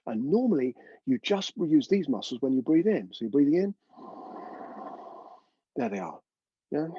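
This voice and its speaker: A man's voice: mid-range voice, a little mellow, breathy edge, dry recording, highs cut off. A man teaching a live online breathwork class, chatty and coaching, often checking in with his students.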